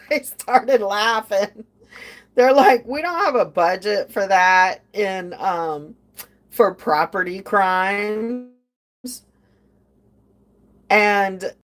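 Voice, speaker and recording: Slow-talking older woman, indignant storyteller. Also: on the high side, a bit bright. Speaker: podcast host. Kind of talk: casual storytelling.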